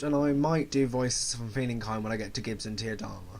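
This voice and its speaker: A man chatting through a casual movie review in a voice of ordinary pitch. He rambles and often stops to correct himself mid-sentence. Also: a little fast, a little mellow, a little hiss or hum.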